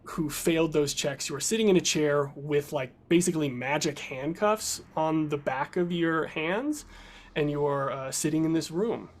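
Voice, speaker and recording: A man with a somewhat high voice narrates a fantasy tabletop game as its game master. His delivery is loose and casual, full of fillers and restarts. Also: moderate pace.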